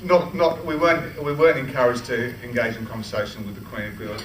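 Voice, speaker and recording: A man's voice: mid-range voice, fast. Australian man telling a funny story. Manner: chatty storytelling with frequent restarts and laughs. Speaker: club speaker. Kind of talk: humorous personal anecdote speech. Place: meeting room. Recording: roomy hall, from far off, with noise.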